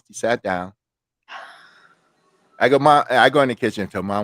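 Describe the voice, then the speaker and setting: A man with a lowish voice tells a rambling, crude family story on a podcast. He jokes and acts out the voices in it. The sound is close and dry. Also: normal speed, long pauses, a bit bright, no room sound. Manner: crude, joking storyteller who acts out his mother's lines. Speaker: podcast host. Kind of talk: casual storytelling chat.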